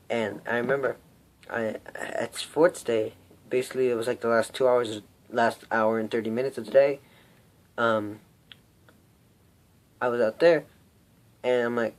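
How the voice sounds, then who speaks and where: A man's voice: mid-range voice, steady tone, moderate pace, long pauses. A teenage boy telling a personal story in an unscripted vlog, rambling and self-mocking, hot and sweaty. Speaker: vlogger.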